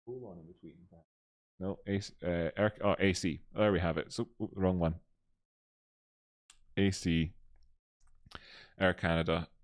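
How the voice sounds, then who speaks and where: Deep-voiced man hosting a live stream. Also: fairly even intonation, a little slow, pauses often, no room sound. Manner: loose, thinking aloud with many fillers. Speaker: live stream host and market analyst. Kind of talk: live-stream chat and chart analysis.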